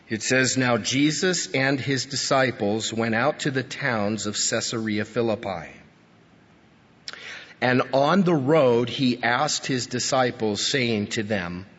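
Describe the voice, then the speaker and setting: A man preaching a sermon in a church, his husky voice carrying a long hall reverb. He is emphatic, pushing up to stress points and sinking low after them. The recording sounds dull and lo-fi. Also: a bit bright. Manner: emphatic, rising to stress key points then dropping low. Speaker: pastor.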